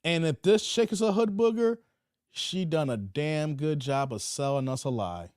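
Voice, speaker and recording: A man's voice: on the high side, animated, normal speed, a little mellow, dry recording, clean studio sound. A man hosting a livestream commentary, preachy and repetitive, often tacking "man" onto his lines. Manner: preachy, repeats phrases, drawls "man". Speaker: commentary channel host.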